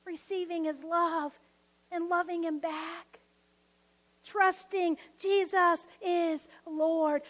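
A woman pastor preaching a sermon with passion, swinging from emphatic lines to soft whispers. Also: extremely high pitch, fairly even intonation, slow pace, big-room sound, low-quality recording.

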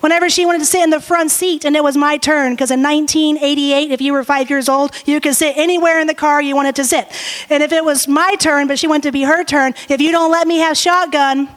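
A woman pastor in her forties, praying and preaching a sermon with earnest, lively storytelling. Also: high voice, fast. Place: church sanctuary. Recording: reverberant church hall.

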